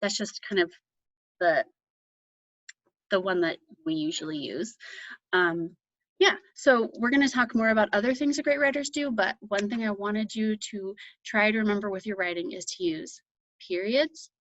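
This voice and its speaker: A woman teaching kindergarten children in a recorded video lesson from an empty classroom, speaking in a gentle, encouraging way with frequent ums. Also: mid-range voice, moderate pace, no echo, muffled recording.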